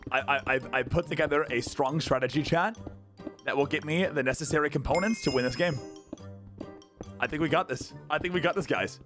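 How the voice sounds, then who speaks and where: A young man streaming a modded game and talking to his chat, frantic, repeating himself and often shouting. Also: a little high, fairly quick, pauses often. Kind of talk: excited gameplay commentary. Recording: music playing clearly under the voice.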